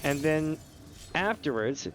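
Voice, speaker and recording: Rambling, animated male streamer. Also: fairly high pitch, slow, noisy background. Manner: rambling, animated storyteller who often laughs and slips into voices. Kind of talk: casual game-stream chat.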